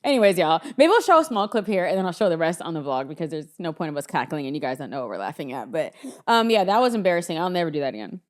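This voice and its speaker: A woman's voice: deep voice, sing-song, very fast, hardly any pauses. A woman co-hosting a podcast in casual chat, talking in a chatty storytelling way and laughing often. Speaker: podcast co-host.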